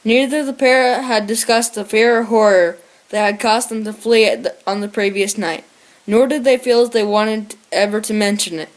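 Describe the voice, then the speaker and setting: A woman's voice: a little high, fairly even intonation, normal speed. A woman narrating a novel aloud in a plain reading manner, with small slips and restarts. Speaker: audiobook narrator.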